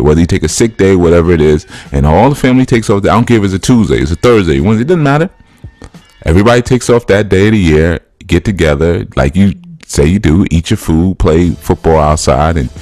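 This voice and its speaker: A man with a remarkably deep, low voice teaches in a relaxed, chatty way, joking as he goes. Soft music plays faintly in the background. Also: dry recording. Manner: loose, joking, conversational. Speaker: spiritual teacher. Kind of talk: casual spiritual talk.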